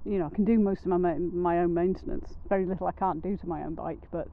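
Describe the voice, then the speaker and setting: A woman's voice: fairly low pitch, fairly even intonation, fast talker. Wry rambling woman podcasting outdoors. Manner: rambling, wry and self-mocking. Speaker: podcast co-host. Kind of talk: casual outdoor podcast chat. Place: outdoors, sitting on a rock in the hills. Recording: narrow phone-like sound with faint noise.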